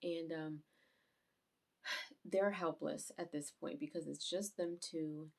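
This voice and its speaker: A woman with a lowish, gravelly voice recaps an anime episode for her channel. She rambles casually through the scenes and gets animated as she retells the action. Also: slow. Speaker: YouTube anime reviewer.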